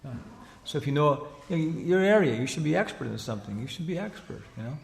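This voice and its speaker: Gravelly man lecturing in a reverberant hall. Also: fairly high pitch, animated, quick pace. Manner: chatty and rambling, many "you know" fillers, laughs while retelling. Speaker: spiritual teacher giving a lecture. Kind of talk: informal religious lecture, storytelling.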